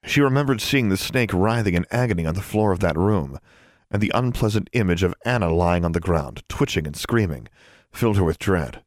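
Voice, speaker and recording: A man narrates a novel in steady storytelling. His voice sits low, with a lively rise and fall. The recording is dry and close. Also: fairly quick, no echo. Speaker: audiobook narrator. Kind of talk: scripted narration.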